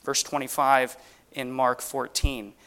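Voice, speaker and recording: A man's voice: mid-range voice, level tone, takes it slowly, fairly bright tone. A man preaching a sermon on the Lord's Supper, earnest and emphatic, asking the congregation rhetorical questions.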